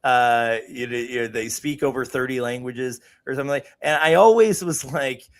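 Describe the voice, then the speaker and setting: A man co-hosting a podcast in casual chat, joking and laughing often, sick with a cough. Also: medium pitch. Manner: jokey, quick to laugh, repeats himself. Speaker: podcast co-host.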